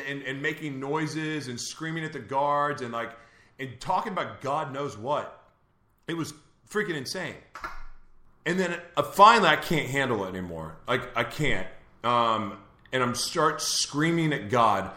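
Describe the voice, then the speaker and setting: A man hosting a live morning show speaks in an earnest, candid way as he tells a personal story. His voice sits at an ordinary middle pitch. The room around him is echoey. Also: a little slow, bright, forceful tone. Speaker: host. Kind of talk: live confessional talk show.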